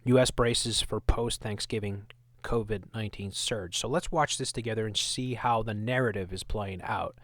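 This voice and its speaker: A man's voice: lowish voice, fairly even intonation, normal speed, fairly bright tone, no room sound. Scornful man ranting over news clips. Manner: sarcastic, scornful. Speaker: channel host and commentator. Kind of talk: ranting video commentary.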